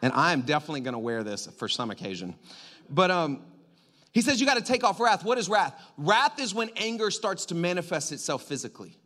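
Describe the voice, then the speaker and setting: A man preaching a sermon in a lively, joking way, getting the congregation to call back to him. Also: fairly high pitch, brisk. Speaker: pastor.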